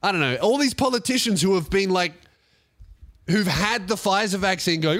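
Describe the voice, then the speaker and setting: A man's voice: high-pitched, lively intonation, normal speed, fairly bright tone. A young Australian man hosting a podcast, ranting in a casual, sarcastic, profane way. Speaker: podcast host and comedian.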